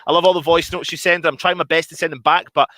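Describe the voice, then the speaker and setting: A man from Scotland, a guest on a fan livestream, chatting casually and warmly with many repeated words and restarts. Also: a little high, fairly even intonation, fast talker, no echo. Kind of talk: casual chat.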